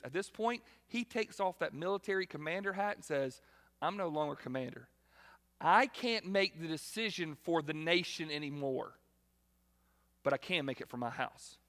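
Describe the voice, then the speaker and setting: A man preaching a sermon as pastor, animated and acting out quotes, shifting between loud and quiet. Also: on the high side, moderate pace. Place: large church hall. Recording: long hall reverb.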